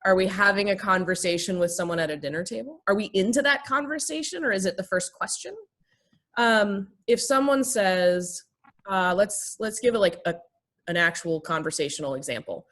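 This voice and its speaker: A woman's voice: medium pitch, normal speed. Searching, thoughtful woman explaining. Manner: thoughtful, searching, many ums and restarts; acts out example dialogue in a lifted, gentle voice. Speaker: minister and therapist, guest. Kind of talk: interview answers, explanatory.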